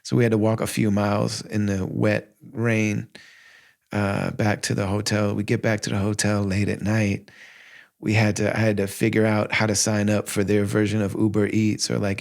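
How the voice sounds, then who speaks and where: A man in his forties hosts his own podcast, telling a personal story in a loose, conversational way. His voice sits fairly low with a gravelly edge, and he keeps breaking into animated quotes of himself. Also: moderate pace. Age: 40s. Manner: animated, heartfelt, quotes himself in lively asides. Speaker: podcast host. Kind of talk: casual storytelling monologue.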